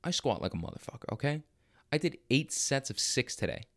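Young man, podcast host, crude, boastful, profane, fast excited bursts, casual monologue. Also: mid-range voice. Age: young adult.

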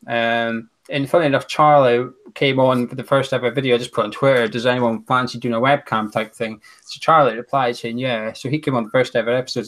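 Scottish man, guest on a fan-show chat, friendly rambling storyteller with lots of ums. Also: mid-range voice. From Aberdeen, Scotland. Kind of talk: casual chat.

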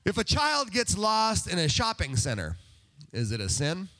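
A man's voice: high voice, huge pitch swings, normal speed, pushed and bright. A man preaching a sermon in a conversational, self-deprecating way, putting rhetorical questions to the congregation. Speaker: pastor.

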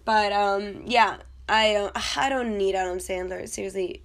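A woman's voice: mid-range voice, steady tone, unhurried. A woman vlogger talking casually about a film, chatty and blunt, with swearing and rambling asides. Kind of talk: casual chat.

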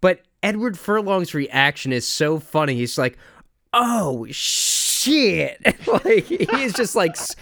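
A man's voice: high voice, very animated, normal speed, hardly any pauses, a bit bright, no room sound, clean studio sound. A man hosting a podcast, casually chatting about a film, swearing, laughing and acting out scenes. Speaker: podcast host.

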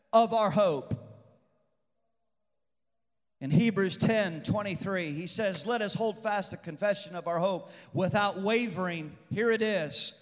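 A man preaching a sermon as pastor, swinging between shouted peaks and hushed intensity and repeating phrases for emphasis. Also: high voice, in a large hall.

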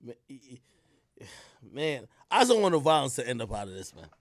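A man's voice: medium pitch, very animated, brisk, no echo. A man moderating an online talk room, teasing and playful in casual speech. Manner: teasing, playful, laughs often. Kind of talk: casual chat.

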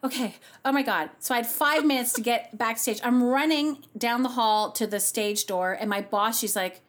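A woman opera singer chatting as a podcast guest, telling animated stories with lots of giggling. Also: on the high side, moderate pace. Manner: giggly, animated storyteller who acts out voices. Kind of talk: casual podcast chat.

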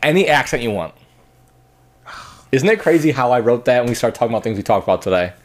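A man's voice: mid-range voice, animated, fast. A man hosting a comedy podcast, upbeat and leading the segments. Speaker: podcast host. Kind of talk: casual chat.

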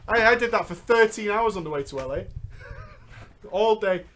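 A man's voice: high voice, fairly bright tone. A man telling a gaming story in a giggly, bantering comedy chat. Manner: giggly, banters between lines. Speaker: podcast host reading a story.

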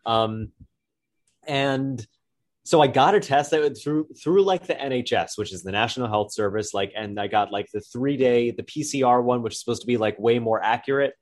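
A young man co-hosts a relaxed podcast and tells stories in a loose, rambling manner. His talk is full of fillers like "like" and "um," and his voice sits at a middle pitch. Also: moderate pace. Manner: rambling, lots of likes and ums. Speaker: podcast co-host. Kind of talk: casual storytelling chat.

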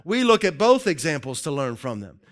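A man preaching a sermon to his congregation in an energetic, joking way that keeps calling out to the crowd. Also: on the high side, normal speed. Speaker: pastor.

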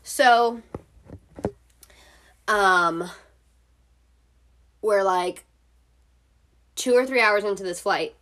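A woman's voice: medium pitch, a bit bright. A woman talks through her own podcast at home in a loose, chatty manner. She swears often and pads her sentences with filler words. Her voice sits in an ordinary middle range. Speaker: podcast host. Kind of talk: casual solo podcast storytelling.

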